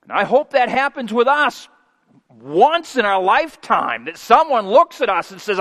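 A man in his fifties preaching a sermon as pastor, folksy and homespun, moving from quiet asides to loud, emphatic preaching. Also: high-pitched, big pitch swings, normal speed. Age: 50s. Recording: long hall reverb.

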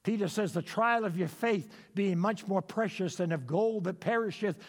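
A man's voice: sits high, normal speed, long reverb tail. A man preaching a sermon, emphatic and repetitive, asking his listeners rhetorical questions.

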